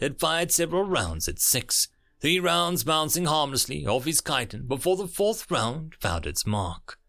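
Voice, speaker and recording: A man tells a dramatic story in a lively, animated voice, his pitch swinging up and down a lot. His reading is steady and expressive, much like an audiobook.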